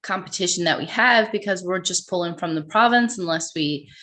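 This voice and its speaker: A woman's voice: on the low side, brisk, a bit bright. Upbeat young woman host. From Newfoundland, Canada. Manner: upbeat, laughs often, says "like" a lot. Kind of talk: casual interview chat.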